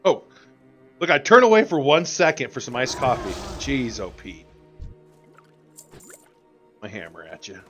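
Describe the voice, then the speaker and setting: A young man commentates a live game stream in a loose, joking ramble aimed at his chat. His pitch moves a lot around a middle register. Faint game music runs underneath. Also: big pitch swings, unhurried, long pauses, a bit bright.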